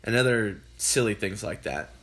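An expressive reader narrates a children's book aloud. The voice is bright and lively, with pitch rising and falling freely. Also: moderate pace. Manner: expressive, animated. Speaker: storybook reader.

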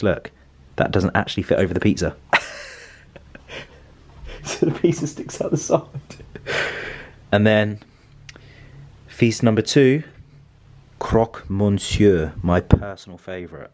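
A man's voice: sits low, normal speed, pauses often. Chatty young guy touring a hotel room. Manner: chatty, upbeat, relaxed. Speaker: vlogger. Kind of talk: casual vlog hotel tour.

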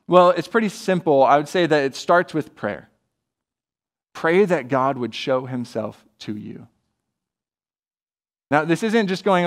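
A man's voice: fairly high pitch, measured pace, long pauses. Earnest male pastor preaching. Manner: earnest, builds to animated, acts out quoted voices. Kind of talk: sermon.

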